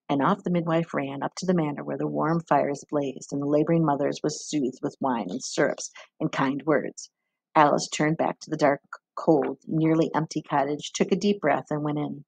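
A woman reads a novel aloud in a measured storybook narration. Her voice has a gravelly, husky texture. The recording is dry and close. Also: low voice, steady tone, a little mellow, dry recording, rough recording. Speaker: reader.

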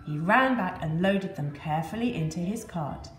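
Lively woman telling a children's tale. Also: on the low side, normal speed, slight background noise. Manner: lively, expressive, repeating rhythmic lists. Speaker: storyteller. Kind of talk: storybook narration for children. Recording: echoey room, faint ambience.

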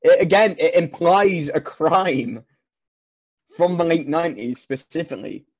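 Husky Scottish man, playful guest. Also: a little high, expressive, a little slow, lo-fi sound. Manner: playful, mock-indignant, rambling. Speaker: wrestler guest. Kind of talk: casual podcast chat.

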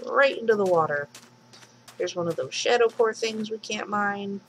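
A woman who makes mods and hosts let's plays casually comments on her own game, chatting to the animals she meets and squealing when startled. Her voice is mid-range at normal speed, with background noise.

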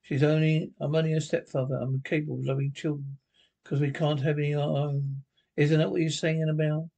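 A man's voice: a little high, level tone, quick pace, vocal fry, dark tone. A man playing a bitter, sarcastic stepfather. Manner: sarcastic, cold.

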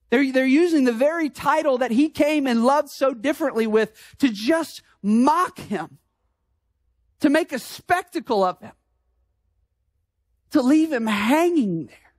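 A woman pastor preaching a sermon, impassioned, with rhetorical questions that build to shouted emphasis. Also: a little high, dry recording.

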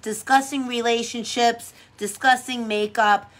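A woman's voice: on the high side, steady tone, measured pace, a bit bright. Woman, casual livestream chat, rambling, upbeat, encouraging, phone mic at home. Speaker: makeup livestream host.

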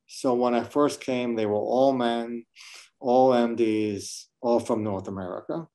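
A man's voice: medium pitch, fairly even intonation, a little slow, mellow. A middle-aged man from New York City, a medical school dean, answering questions in an earnest, reflective way with frequent restarts. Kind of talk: webinar interview answers.

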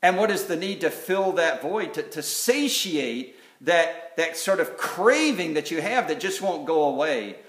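Earnest pastor in an echoey church. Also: male voice, a little high, expressive. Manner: earnest, halting with many fillers and restarts. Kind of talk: sermon. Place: church sanctuary.

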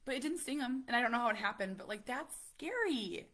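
A woman in her thirties, a parent vlogger telling a story in casual, animated chat, full of fillers and acted-out quotes. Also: on the high side, fairly quick. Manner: animated, chatty, many fillers, acts out quotes.

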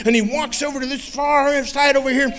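A man telling a children's Bible story at church in an expressive, playful manner. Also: extremely high pitch, brisk. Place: church sanctuary.

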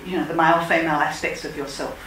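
A woman's voice: low voice, level tone, fast, a bit bright. A woman, a spiritual healer and teacher, talking earnestly and leading call-and-response mantra chants. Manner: earnest, emphatic, leads chants. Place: lodge meeting room. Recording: echoey room, speaker far from mic, noisy.

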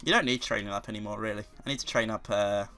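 A man doing video game commentary, excitable and quick to curse, with sudden loud outbursts. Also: lowish voice, soft background music. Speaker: let's play commentator.

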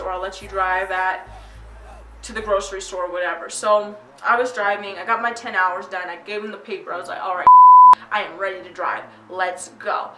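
Bright-voiced teenage girl in an echoey room. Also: mid-range voice. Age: teens. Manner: chatty, animated retelling with quoted voices. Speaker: vlogger. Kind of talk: casual storytelling vlog. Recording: echoey room, mic at a distance, faint music.

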